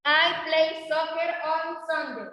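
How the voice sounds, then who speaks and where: Female English teacher, energetic and coaxing, recorded far off in an echoey classroom. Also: very high-pitched, slow pace. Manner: energetic, coaxing students to repeat. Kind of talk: classroom drill, mixing Spanish and English. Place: classroom, indoors.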